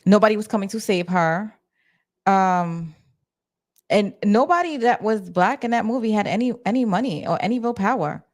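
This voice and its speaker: Chatty and animated, a New York woman hosts a livestream from her office in a mid-range voice at normal speed. In her New York accent she talks to her chat, with restarts and fillers along the way.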